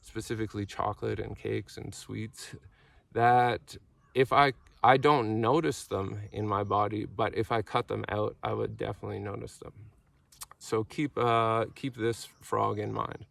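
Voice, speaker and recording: A man in his thirties giving a reflective talk with parables, halting and musing, heard from a distant microphone. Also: lowish voice, fairly even intonation, creaky, a bit bright, dry recording. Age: 30s. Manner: halting, musing, self-deprecating.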